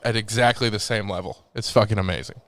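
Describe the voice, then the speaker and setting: A man's voice: fairly low pitch, fairly even intonation, quick pace, fairly bright tone, no room sound. A man who is a comedian, telling rambling stories in a casual podcast chat, swearing often and restarting his sentences.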